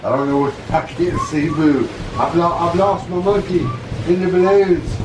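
A man's voice: fairly high pitch, moderate pace. Playful man chatting to his pet monkeys. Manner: playful, chatty, laughs often, talks to the animals. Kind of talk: casual vlog narration. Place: indoor room filled with balloons. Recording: echoey room, distant mic, background noise.

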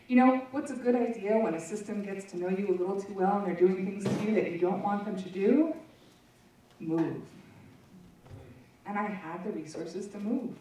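A woman's voice: mid-range voice, warm tone. Woman, presenter, candid storytelling, frank asides, very echoey room, distant mic. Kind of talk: personal testimony talk. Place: large meeting room.

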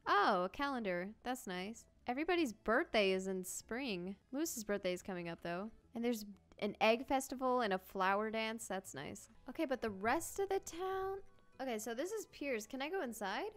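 Excitable young woman playing a game. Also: a little high, normal speed, faint music behind. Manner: chatty, excitable, reads game text aloud. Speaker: gaming channel host. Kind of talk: casual let's-play commentary.

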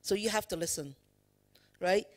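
Speaking at a moderate pace in a mid-range voice, a woman preacher gives a forceful sermon during church worship. She questions the congregation as she goes and fills gaps with "you know."

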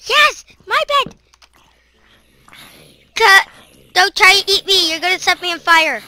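A woman's voice: extremely high pitch, fairly even intonation, normal speed, pushed and bright. A woman giving let's-play commentary as she plays, chattering to herself and breaking into shrieks and screams whenever monsters appear. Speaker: gaming channel host.

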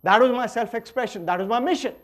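He speaks fast in a very high voice, a middle-aged man with an Indian English accent leading a workshop. The lecture is spirited and playful, alternating booming emphasis with quiet asides.

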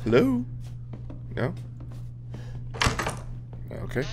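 A man's voice: on the low side, a little slow, pauses often. A man playing a horror video game, joking, swearing and talking back at the characters as he explores. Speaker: gamer. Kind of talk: let's play commentary.

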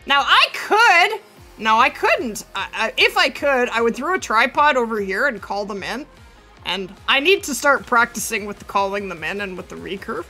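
A woman with a high, clear, bright voice hosts a live gaming stream. She talks in a relaxed, unhurried way and chats casually, thinking aloud. Faint music plays in the background. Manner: chatty, thinks aloud, gushes with excitement. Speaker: live-streaming game host. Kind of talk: casual live gameplay commentary.

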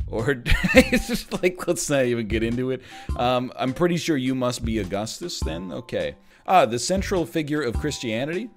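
Lively man doing quiz commentary. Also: medium pitch. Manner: animated, jokey, thinking aloud while quizzing. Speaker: streamer. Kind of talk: casual gameplay commentary.

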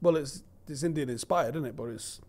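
Laid-back, swearing man with a higher voice. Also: a little fast, a little mellow. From England. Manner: laid-back, swears casually, uses lots of "like". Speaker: co-host. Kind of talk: casual chat on a live stream.

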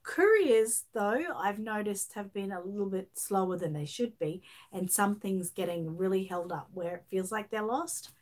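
A talkative Australian woman in middle age, hosting a relaxed livestream. She reads out viewer comments and wanders through her replies, restarting sentences and filling pauses as she goes. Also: medium pitch. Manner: chatty, rambling with many fillers and restarts. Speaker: livestream host. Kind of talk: casual livestream chat reading viewer comments.

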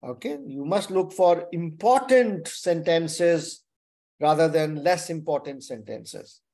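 A man's voice: fairly high pitch, expressive, slow, mellow. A man tutoring exam candidates in an online webinar lecture. He repeats his key points and keeps checking in with "okay?". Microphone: webinar microphone.

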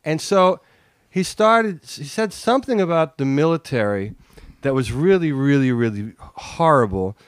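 Man, podcast guest, casual storytelling, slightly high voice, dry close sound. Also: measured pace, clean tone, no echo. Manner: animated, acts out quoted lines. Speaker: interview guest.

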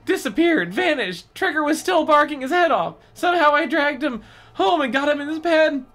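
A woman plays a worried young boy from a children's horror book, his voice pitched high and urgent. The delivery is lively and breathless. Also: moderate pace. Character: worried ten-year-old boy.

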